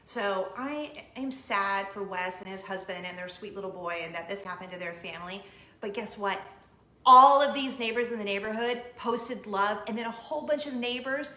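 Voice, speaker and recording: A woman in her thirties hosting her show, telling a story in an emotional, expressive way and jumping high when she quotes herself. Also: moderate pace. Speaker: vlogger, show host. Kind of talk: casual storytelling to camera. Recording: echoey room.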